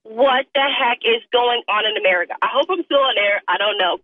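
A woman's voice: a little high, fairly quick, few pauses, a little hiss or hum. Indignant young woman on a tinny phone line. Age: 20s. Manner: heated, indignant, rising to near shouting. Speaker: caller. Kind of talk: impassioned call-in rant.

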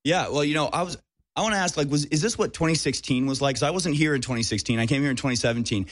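Young man, reporter, eager, rapid, filler-heavy. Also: a little high. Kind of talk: casual radio chat.

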